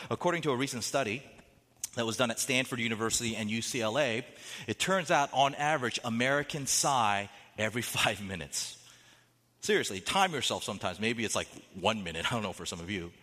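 A man preaching a sermon as a pastor, animated, with dramatic quotes and rising emphasis. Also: mid-range voice, big-room sound.

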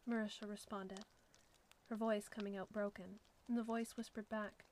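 A woman narrating a suspenseful story in a steady storytelling manner. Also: mid-range voice, moderate pace, slight background noise, low-quality recording.

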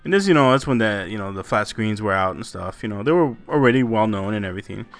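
Animated, profane man telling stories. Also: lowish voice, quick pace, dry recording. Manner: profane, laughing storyteller. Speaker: podcast co-host. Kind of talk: casual podcast banter.

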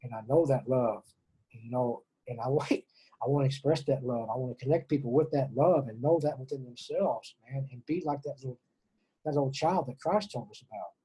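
A middle-aged man from Texas speaks with heartfelt earnestness. His voice is mellow and warm, with a very smooth, clear resonance. He often stumbles over and repeats his words as he reaches for them. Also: mid-range voice, fairly quick, low-quality recording. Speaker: interview guest, former prisoner. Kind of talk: emotional spiritual monologue.

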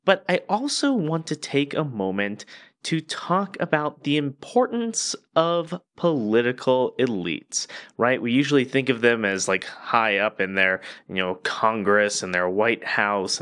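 A man's voice: fairly low pitch, a bit bright. A man hosting a political podcast, explaining politics in a casual monologue full of fillers and asides. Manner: conversational, frequent fillers and asides. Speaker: podcast host.

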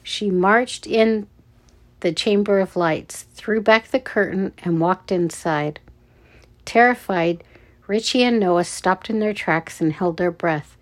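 A woman reading a children's adventure story aloud, with deliberate, measured narration. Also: medium pitch.

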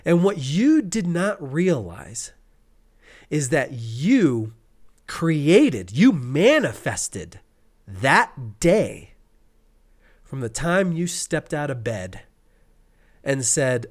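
A man co-hosting a podcast, telling an animated story and acting out frustrated cursing. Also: on the high side, extremely slow, pauses often. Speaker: podcast co-host. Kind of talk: casual podcast chat.

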